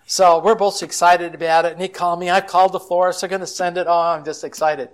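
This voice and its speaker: A man's voice: high-pitched, little pitch movement, fast talker, few pauses, clean tone. A man speaking as a Christian counselor at a conference, telling stories in a folksy, chatty way and acting out the quotes. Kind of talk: storytelling conference talk.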